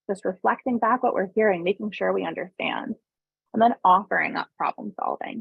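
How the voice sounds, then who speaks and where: Gravelly woman on a tinny webinar line. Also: medium pitch, a little fast, dry recording. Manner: conversational, often adds tag questions; calm explaining tone, briefly voices parents and kids. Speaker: parenting webinar presenter. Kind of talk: informal online presentation. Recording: tinny phone-like dry webinar audio.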